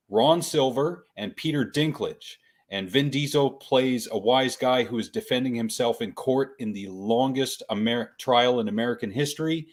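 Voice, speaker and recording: A Canadian man co-hosting a podcast in casual chat, relaxed and matter-of-fact as he recommends movies. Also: mid-range voice. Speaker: podcast co-host.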